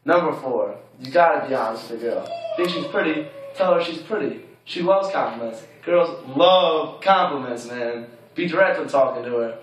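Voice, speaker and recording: A man's voice: medium pitch, lively intonation, moderate pace, recorded from a distance, a little hiss or hum. A young man, a college student, giving frank dating advice in a laid-back, casual vlog segment. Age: young adult. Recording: very echoey room, voice off-mic.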